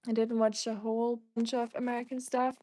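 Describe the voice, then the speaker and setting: A woman's voice: a little high, little pitch movement, brisk, dark tone, no room sound. A woman from Germany with a German accent, hosting a casual livestream and chatting through viewer comments in a rambling way. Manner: chatty, rambling, reads out comments and answers them. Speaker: livestream host.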